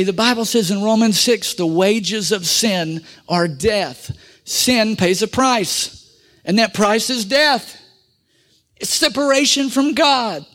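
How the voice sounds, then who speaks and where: A man's voice: high-pitched, fairly bright tone. A male pastor preaching a sermon in a church, leading the congregation in call-and-response with rhetorical questions and humorous asides. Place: church sanctuary.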